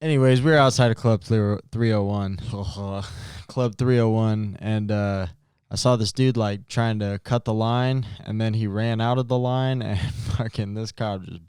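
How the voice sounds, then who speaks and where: A man's voice: on the low side, fairly even intonation, a little slow, a little mellow, smooth, no echo, clean studio sound. A young man co-hosting a podcast, joking around in loose, profane banter. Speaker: podcast co-host. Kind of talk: casual chat.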